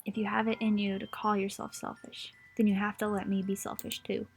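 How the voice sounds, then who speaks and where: A woman's voice: mid-range voice, flat delivery, brisk, slightly rough. A young woman reading the lines of a caring teenage boy in an earnest, pleading way. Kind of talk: reading game dialogue aloud.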